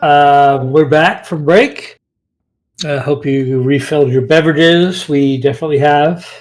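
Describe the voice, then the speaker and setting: A man narrating a tabletop game as dungeon master, relaxed and pausing often with fillers. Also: a little high, poor audio.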